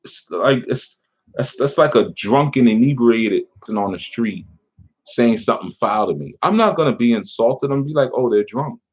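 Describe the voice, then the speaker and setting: A man with a medium-pitched, animated voice teaches on spiritual matters at normal speed. He reads out a viewer's comment and mocks it, answering the critic with sarcasm and scorn. The sound is dull and lo-fi.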